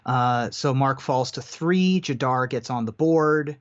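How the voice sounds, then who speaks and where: A man's voice: medium pitch, takes it slowly. A man commentating a card game tournament live, giving analytical play-by-play. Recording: dull lo-fi stream audio.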